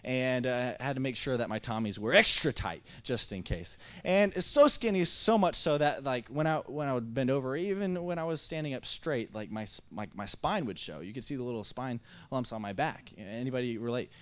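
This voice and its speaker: Guy in his 30s preaching, tells stories all animated, lots of restarts, mid-pitched voice, church crowd. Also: brisk, hardly any pauses. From Missouri. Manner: animated, acting out dialogue, many restarts. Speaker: pastor. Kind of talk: storytelling sermon. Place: church service before a congregation.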